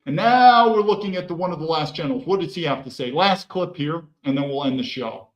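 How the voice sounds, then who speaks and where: A heated male host delivers political commentary, firing rhetorical questions and swearing freely. His voice sits high and swings animatedly. The room adds a roomy echo. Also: animated, a little fast. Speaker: podcast host. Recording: echoey room.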